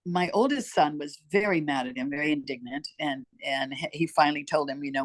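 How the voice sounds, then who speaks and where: A woman's voice: deep voice, expressive, fairly quick, few pauses. An older woman telling her life story as an interview guest, emphatic and heartfelt, talking straight to the host. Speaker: podcast guest.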